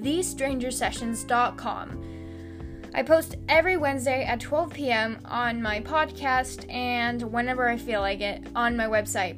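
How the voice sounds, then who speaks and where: A woman hosting her own podcast in rambling, self-deprecating casual chat, recorded on a phone while sitting on the floor at home. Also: high-pitched. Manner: rambling, chatty, self-deprecating, many fillers. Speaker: podcast host.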